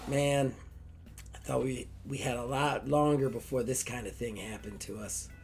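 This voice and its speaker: A man's voice: medium pitch, steady tone, moderate pace, creaky, faint music behind, natural voice. A man voicing a male pit bull mutant who talks in a casual, clipped tough-guy way. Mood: wary.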